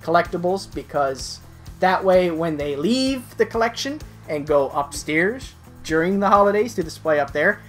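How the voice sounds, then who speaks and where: A woman's voice: lowish voice, lively intonation, soft background music. A woman co-hosting a collectibles vlog, chatting casually and cracking jokes. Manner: joking, playful, quick asides. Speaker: collectibles channel co-host.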